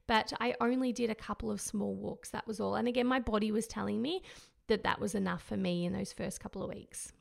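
A woman in her thirties, a mother, talking candidly and reflectively in a casual personal monologue, with fillers and soft laughs along the way. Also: medium pitch, fairly even intonation, fairly quick, gravelly. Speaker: mother sharing her postpartum experience.

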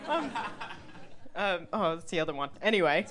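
A woman's voice: medium pitch, a little fast, a crowd in the background, noisy background. A woman in her thirties from the Midwest, telling a personal story to a live audience in a chatty, laughing way, full of "like" and swearing. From Milwaukee, Wisconsin, USA.

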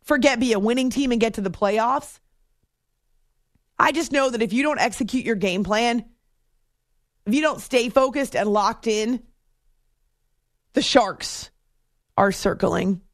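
A woman hosts late-night sports talk radio, her voice pitched high and full of zeal. She leans hard on key words and sounds close and dry, with no room behind her. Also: a little slow, long pauses, no room sound. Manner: enthusiastic, emphatic, talks to callers. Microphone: studio microphone.

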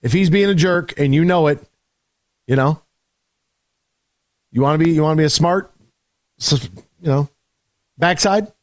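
A man hosts a sports talk show, launching into an emphatic, opinionated rant. His voice sits on the higher side for a man. He leaps up for punchy lines and drops low to grumble, all recorded dry and close in a studio. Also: unhurried, long pauses, no echo. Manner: emphatic, ranting, swings between shouted punchlines and low grumbles. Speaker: sports radio host. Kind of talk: opinionated radio monologue.

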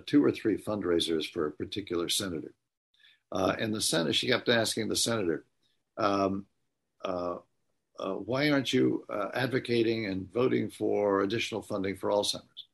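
A low-voiced man with a gravelly, husky edge tells stories as an interview guest. He talks earnestly and haltingly, stopping often as he goes. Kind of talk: conversational storytelling.

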